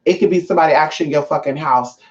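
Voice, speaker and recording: A woman vlogger spins a story straight to camera, loose and profane, forever calling her viewers y'all. Her pitch leaps up whenever she hits a point. The sound is a little dull and lo-fi. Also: racing. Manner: profane, chatty, keeps addressing viewers as y'all; animated, pitch jumps up for emphasis.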